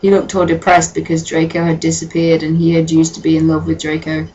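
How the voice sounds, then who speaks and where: A woman's voice: low-pitched, completely flat delivery, brisk, dark tone, dull audio, a little hiss or hum. A woman giving a comic reading with sarcastic, profane asides. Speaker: dramatic reader.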